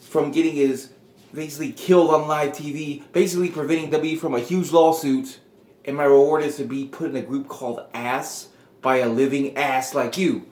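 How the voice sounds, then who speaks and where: A man voicing a bitter male wrestler who rants in a loud, aggrieved tone, with a roomy echo. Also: fairly high pitch, steady tone, a little fast, lightly acted.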